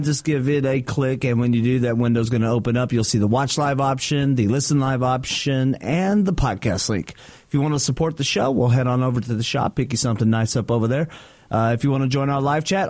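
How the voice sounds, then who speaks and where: A radio producer man explaining where to find things, easygoing and steady. His voice is dry and close, at an ordinary pitch. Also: dry recording. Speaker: show producer. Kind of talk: giving listener instructions on air.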